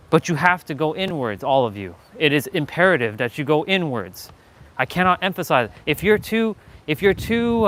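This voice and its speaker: A man's voice: fairly high pitch, a bit bright, rough recording. A man hosting a casual motivational livestream on a clip-on mic, talking energetically and repeating himself for emphasis, with casual swearing. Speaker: fitness livestream host. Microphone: small clip-on mic.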